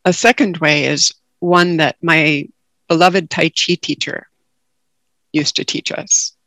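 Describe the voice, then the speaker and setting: A woman giving a calm, reflective dharma talk as a guest meditation teacher over a video call. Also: fairly low pitch, dry recording.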